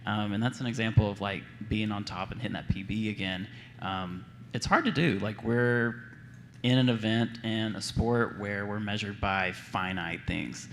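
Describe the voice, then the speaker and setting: Measured low-voiced male hurdler. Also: big-room sound, a little hiss or hum. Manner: measured, explanatory. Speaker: hurdler at press conference. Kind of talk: reflective press conference answer.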